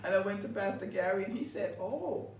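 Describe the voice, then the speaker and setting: A woman pastor co-hosting a ministry broadcast, telling stories in a lively way, laughing often and repeating her words. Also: mid-range voice, quick pace. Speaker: pastor and co-host. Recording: roomy, distant mic with faint background noise.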